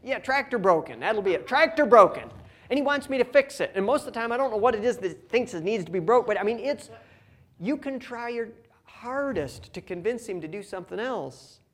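A man's voice: extremely high pitch, expressive. Casual, joking young man preaching. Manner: conversational and humorous, reading scripture slowly. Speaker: pastor. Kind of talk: sermon.

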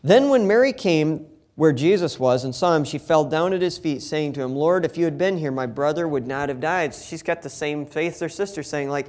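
A man's voice: fairly high pitch, a little fast, darkish tone. A man reading a Bible passage aloud and explaining it in a casual, conversational way, acting out the quoted lines in different voices. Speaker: Bible teacher. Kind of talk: scripture reading with casual commentary.

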